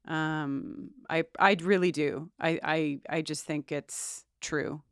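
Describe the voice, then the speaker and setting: Earnest woman co-hosting a podcast, clear voice. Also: low-pitched, fairly even intonation, slow pace, fairly bright tone, dry recording, studio quality. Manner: earnest, with many restarts and fillers. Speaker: podcast co-host. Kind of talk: emotional casual podcast discussion.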